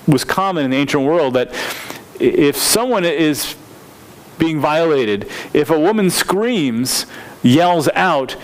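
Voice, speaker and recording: A man preaching, teaching a Bible passage verse by verse, reading scripture slowly and stopping to explain and restate his points. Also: on the high side. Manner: reads scripture slowly and deliberately. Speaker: pastor.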